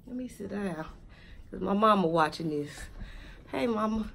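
A woman's voice: mid-range voice, lively intonation, moderate pace, gravelly, fairly bright tone. A woman chatting casually and joking straight to viewers while reviewing a wig for her vlog.

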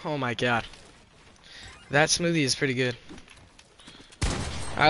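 A man streaming a game, chatting casually with his viewers and chat, excitable and swearing in bursts of exclamations. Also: on the high side, slow pace, a little hiss or hum. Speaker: gaming streamer.

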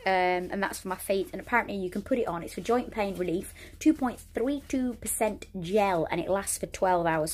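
Middle-aged woman, rambling chatty vlogger, lowish voice. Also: a little hiss or hum. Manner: chatty and rambling, laughs often. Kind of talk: casual chat to camera. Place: indoors at a relative's home.

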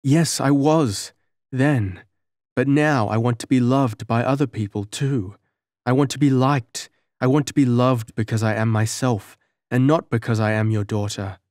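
A man's voice: mid-range voice, darkish tone, no room sound, clean studio sound, lightly acted. A man voicing a lonely young village girl who pleads earnestly and tearfully, in a storybook reading.

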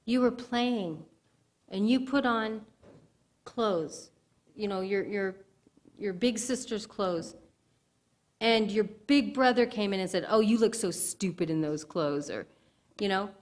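A woman giving conversational sermon-style teaching in a church, checking with her listeners as she goes. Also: mid-range voice. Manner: conversational teaching, asks the audience if it makes sense. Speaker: speaker at a church service.

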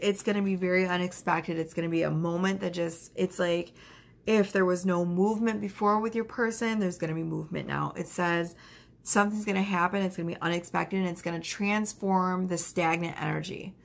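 A woman giving a casual tarot reading, chatty and animated, with lots of fillers. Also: fairly low pitch, moderate pace, vocal fry. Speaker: tarot reader.

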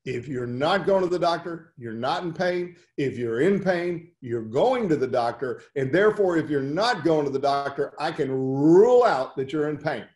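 A man with a voice a little higher than most coaches lawyers in a webinar. He talks in an animated, storytelling way and piles up rhetorical questions to make his point. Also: moderate pace, hardly any pauses, reverberant. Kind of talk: webinar talk.

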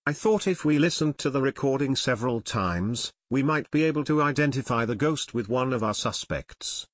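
A man voicing a calm, practical teenage boy detective who explains his plans, in an audiobook. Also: medium pitch, normal speed, no echo, studio quality, lightly acted. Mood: explaining. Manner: level-headed, explaining.

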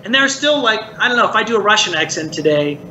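A man's voice: sits high, sing-song, fast, pushed and bright, dull audio. A middle-aged puppeteer from Maryland, chatting reflectively in an interview and filling his talk with "like" and "you know". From Maryland, United States. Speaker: puppeteer and voice actor, guest. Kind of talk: casual interview chat. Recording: roomy echo, faint hiss.

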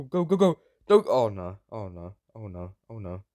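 A man giving excitable, sarcastic gameplay commentary, prone to sudden yelps. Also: low voice, normal speed, hardly any pauses, no echo, clean studio sound. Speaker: Minecraft YouTuber.

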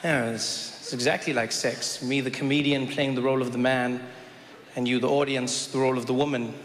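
A man's voice: mid-range voice, little pitch movement, a little fast. A man performing a stand-up comedy set on a theater stage with a wry, conversational delivery. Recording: echoey hall with loud crowd. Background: audience noise and laughter.

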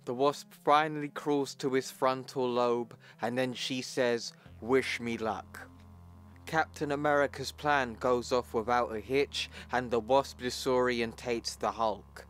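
A man's voice: mid-range voice, fairly even intonation, a little slow, few pauses, a bit bright, clean tone, faint music behind. A man casually narrating a comic book plot in a plain, chatty retelling.

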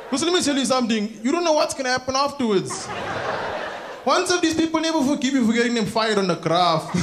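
A South African man from Durban doing a stand-up comedy set in a theatre, animated and slipping into mimicked voices. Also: very high voice, fast. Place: large theatre stage. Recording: live theatre with audible crowd noise. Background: audience laughter.

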